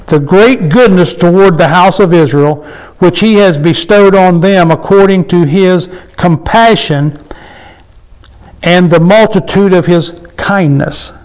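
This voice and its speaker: Man, high-pitched, informal Bible teacher, reads verses slowly, explains with questions. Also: darkish tone, low-quality recording. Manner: reads scripture slowly, then explains plainly with rhetorical questions.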